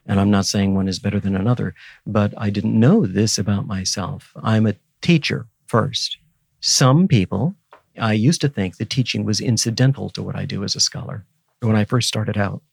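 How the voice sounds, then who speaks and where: A man's voice: fairly low pitch, moderate pace, vocal fry, breathy edge, no room sound, studio quality. A man in his seventies, a guest scholar in an interview, talking in an earnest, teacherly and emphatic way. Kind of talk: reflective interview conversation.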